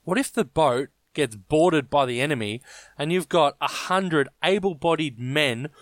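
A man's voice: fairly high pitch, expressive, a little slow, fairly bright tone, dry recording. An Australian man co-hosting a film podcast, teasing and wisecracking in casual chat. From Melbourne, Australia. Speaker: podcast co-host.

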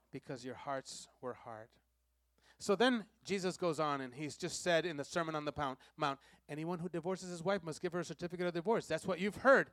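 A man preaching a sermon, leading the congregation in call-and-response and repeating key lines, swinging between loud emphasis and soft, low asides. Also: lively intonation, normal speed, no room sound, studio quality. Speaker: pastor.

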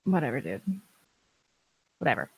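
A woman's voice: a bass voice, big pitch swings, normal speed, slightly rough. A woman co-hosting a live call-in podcast, reading chat messages aloud and teasing her partner dryly.

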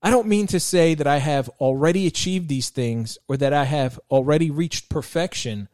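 A man with a slightly higher-pitched voice, recorded close and dry with no room sound. He talks as a podcast host, telling stories from family life and drawing faith lessons from them in an earnest, heartfelt way, often restarting his sentences as he goes. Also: moderate pace, darkish tone, no echo. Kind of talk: reflective faith talk with personal stories.

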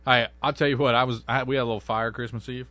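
A man in his thirties co-hosting a sports radio show in the studio, telling stories in a casual, animated way and acting out quotes. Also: medium pitch, quick pace, dry recording. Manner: animated storyteller, acts out quotes.

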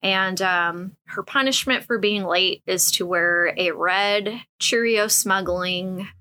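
A woman's voice: medium pitch, takes it slowly, sharp tone. A woman hosting a casual comedic commentary, frank and crude, with lots of fillers.

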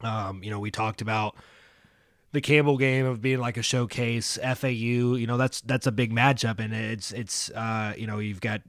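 A man's voice: mid-range voice, fairly even intonation, moderate pace, no room sound, studio quality. A man co-hosting a casual sports podcast, rambling with many fillers and restarts. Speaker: podcast co-host.

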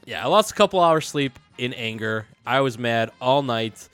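A man hosting a casual fantasy football podcast, animated and laughing often, repeating himself as he talks. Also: medium pitch, normal speed, soft background music. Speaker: podcast host.

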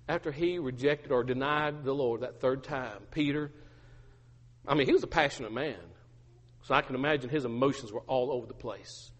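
A man's voice: mid-range voice, fairly bright tone, big-room sound. A male pastor preaching a sermon, emphatic and repetitive, with humorous asides.

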